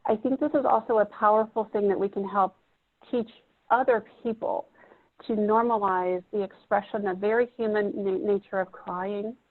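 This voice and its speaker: Addressing a room of therapists at a training, a woman gives a reflective teaching talk and poses questions to the audience. Her mid-range voice holds a steady tone at normal speed, though the audio sounds muffled and phone-like.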